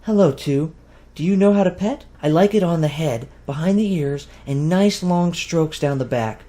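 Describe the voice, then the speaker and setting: A man's voice: on the high side, normal speed, dark tone, pitched above the performer's own voice, lightly acted. Ella May, a man doing a vain, haughty talking cat. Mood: proud. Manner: self-satisfied, demanding, prim. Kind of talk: audiobook reading.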